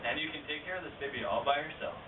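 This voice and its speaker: A man's voice: on the high side, racing. A young man, a student acting in an amateur class skit, delivering lines in an offhand, joking way and forgetting them. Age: young adult. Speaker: student actor. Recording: far-off echoey phone-quality video with noise.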